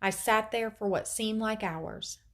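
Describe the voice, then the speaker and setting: A woman teacher reading a novel aloud in an expressive storytelling way, with dramatic pauses. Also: medium pitch.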